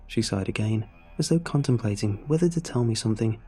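A man narrating a first-person horror story in a steady, measured way. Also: on the low side, breathy edge.

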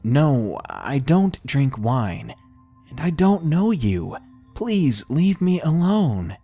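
A man's voice: medium pitch, very animated, slow, a little mellow, faint music behind, full character voice. A man voicing a nervous, annoyed young woman who answers a stranger tensely. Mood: uneasy. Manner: tense and defensive.

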